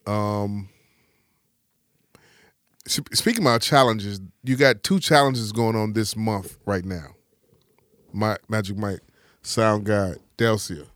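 A man's voice: lowish voice, slow pace, pauses often, no room sound. A man hosting a casual podcast, asking his guests questions and tossing in catchphrases. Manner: loose, asks questions, shouts catchphrases. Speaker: podcast host.

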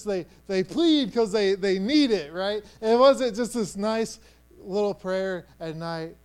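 High-voiced preacher, chatty and halting. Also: male voice, expressive, clear, resonant tone. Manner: conversational, stammering restarts, swings from hushed to loud. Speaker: pastor. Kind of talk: sermon.

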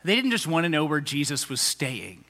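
A man's voice: fairly high pitch, wildly swooping pitch, moderate pace, sharp tone, long reverb tail. A man preaching a conversational sermon as pastor, acting out the people he quotes in little voices.

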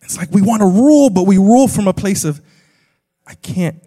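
A young male pastor with a fairly high voice preaches in a casual, chatty way, leaning on "like" constantly. He drops quiet, then surges loud for emphasis. His voice rings with the long reverb of a big church hall. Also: fast talker. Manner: casual and conversational, peppered with "like"; swings between quiet and loud emphatic bursts. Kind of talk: sermon. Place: live church auditorium with an audience.

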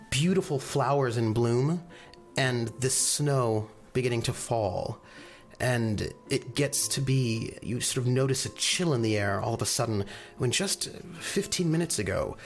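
A man narrates a tabletop role-playing scene as game master, describing the world in a loose, halting way full of small pauses and restarts. Faint music plays behind him. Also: medium pitch. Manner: halting, many fillers and restarts.

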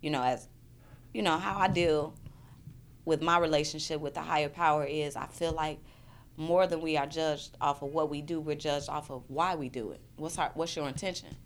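Low-voiced earnest woman poet. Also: fairly even intonation, normal speed, a little hiss or hum. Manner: earnest, emotional, repeats words while searching. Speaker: poet and performance artist. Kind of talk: candid interview conversation.

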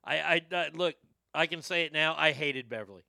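A man telling profane, rambling personal stories to a live chat, animated and quick to joke. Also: fairly high pitch, gravelly, no room sound, studio quality. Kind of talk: storytelling stream chat.

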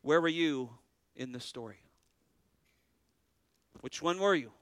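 A man's voice: a little high, slow pace, a bit bright, clean tone, no echo. A man preaching a sermon as pastor, earnest, with a rising and falling preaching cadence.

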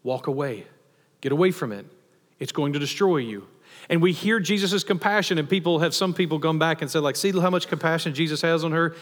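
A man preaching a sermon as pastor, animated and asking the congregation questions. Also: mid-range voice. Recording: long hall reverb.

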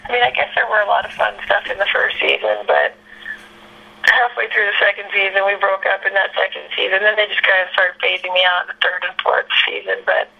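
An actress being interviewed, telling candid stories in a rambling, chatty way, full of fillers and laughter. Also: female voice, medium pitch, animated, brisk, gravelly, muffled recording. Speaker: actress guest.

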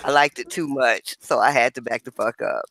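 A woman's voice: extremely low pitch, normal speed, a bit bright, no echo. A woman on a candid panel, talking bluntly and playfully. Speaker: panel guest.

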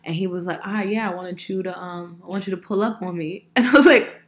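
A young woman telling a story in casual podcast chat, animated, laughing often and swearing freely, a little sick. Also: on the low side, brisk. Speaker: podcast host.

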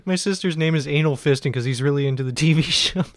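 A man's voice: fairly high pitch, fast talker. A man co-hosting a comedy podcast who laughs often while riffing on crude jokes. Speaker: podcast co-host.

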